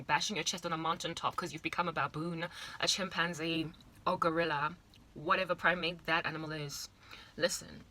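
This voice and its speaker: A woman's voice: deep voice, pushed and bright, slight background noise. A South African woman in her thirties, rambling playfully through a casual monologue with exaggerated asides. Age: 30s. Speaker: vlogger.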